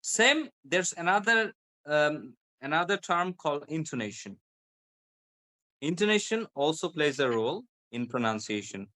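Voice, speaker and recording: A man's voice: fairly high pitch, sing-song, a little slow, bright, forceful tone. A man with a British accent explaining pronunciation as a guest, repeating example words to show stress and intonation. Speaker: guest English pronunciation speaker. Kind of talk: explanatory conversation.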